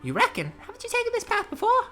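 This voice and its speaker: A woman's voice: extremely high pitch, huge pitch swings, fast, bright, forceful tone, faint music behind, voice pushed up, heavily acted. A woman voicing an eager, polite young boy apprentice, reading game dialogue. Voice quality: earnest, chirpy.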